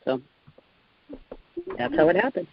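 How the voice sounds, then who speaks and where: A woman author speaking as a podcast guest in a casual chat, thoughtful and relaxed. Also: on the low side, measured pace, creaky, breathy edge, dry recording. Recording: dry dull lo-fi sound.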